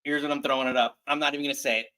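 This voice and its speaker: Bright-voiced man hosting a podcast. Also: mid-range voice, steady tone, rapid-fire. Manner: upbeat, moves the show along with segues. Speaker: podcast host. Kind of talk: casual wrestling chat.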